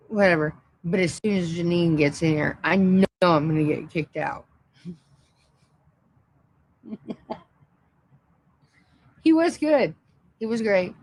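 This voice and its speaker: A woman's voice: medium pitch, lively intonation, slow pace, long pauses, poor audio. A woman hosting a casual livestream, laughing constantly between phrases and swearing casually. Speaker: livestream host.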